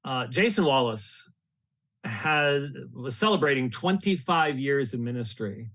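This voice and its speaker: A man's voice: mid-range voice, lively intonation, unhurried, fairly bright tone. A man who leads a ministry and hosts a show, talking casually through long, rambling anecdotes with chuckles between the stories. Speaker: ministry leader and podcast host. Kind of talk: casual reminiscing monologue.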